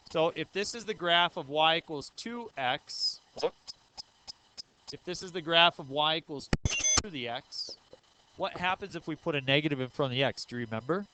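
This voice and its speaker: Bright-voiced man teaching algebra. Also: a little high, slight background noise, poor audio. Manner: explains step by step, asks the class questions; says 'uh' and 'um' often. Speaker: math teacher. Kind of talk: recorded math lecture.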